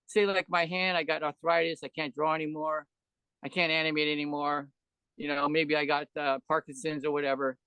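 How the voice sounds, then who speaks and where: Older male storyteller, high voice, dry close sound, loose rambling chat, acts out other voices. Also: bright, forceful tone, clean tone, no room sound. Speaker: podcast guest, veteran animator. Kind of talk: casual interview chat.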